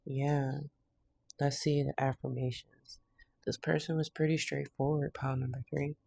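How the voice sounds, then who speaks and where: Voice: mid-range voice, little pitch movement, normal speed, vocal fry, a little mellow, slightly rough, dry recording. A tarot card reader in a casual reading, blunt and slangy, laughing now and then. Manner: laughs often.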